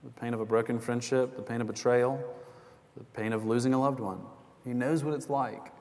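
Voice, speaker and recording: A young pastor with a mid-range, slightly mellow voice preaches in a church sanctuary at a moderate, steady pace. He tells a story conversationally, slipping in small jokes and asides. The recording carries a long hall reverb.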